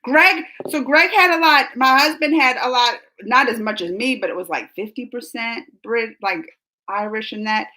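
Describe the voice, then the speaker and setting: A young woman with a high, bright voice rambles through a casual live-stream chat. She laughs often, restarts her sentences and wanders from point to point as she talks to viewers. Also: normal speed, slight background noise. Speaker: reaction channel host reading live chat.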